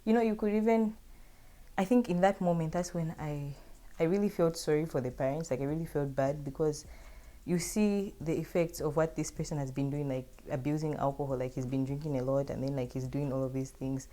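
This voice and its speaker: Low-voiced woman telling a story. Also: fairly quick, warm tone. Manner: chatty, filler-heavy, addresses viewers directly. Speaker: vlogger telling a personal story. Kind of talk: casual storytime.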